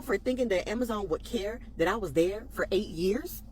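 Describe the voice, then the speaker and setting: A woman's voice: mid-range voice, moderate pace, a little mellow, slightly rough, rough recording. A woman venting in a casual vlog, blunt and profane, with emphatic rhetorical questions. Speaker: former warehouse worker.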